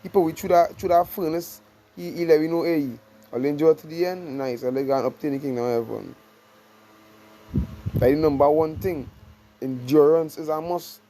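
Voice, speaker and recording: Man teaching scripture, mellow voice. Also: a little high, low-quality recording. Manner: reads verses slowly, then explains in loose repeated phrases. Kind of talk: informal scripture study sermon.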